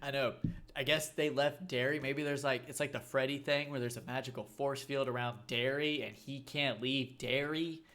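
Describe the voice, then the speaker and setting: Relaxed man explaining a movie plot. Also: medium pitch, normal speed. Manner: relaxed, matter-of-fact explainer. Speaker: podcast co-host. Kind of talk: casual movie discussion.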